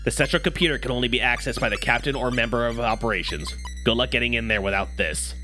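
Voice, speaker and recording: A man's voice: medium pitch, fast, pushed and bright, faint music behind, close to an everyday voice. A man reading a smug petty lieutenant. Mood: teasing.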